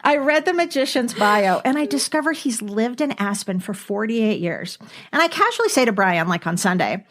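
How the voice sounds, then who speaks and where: A woman hosting a podcast, telling a story in casual chat with lively, frequent laughter. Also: fairly high pitch, normal speed. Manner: animated storyteller, laughing often. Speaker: podcast host.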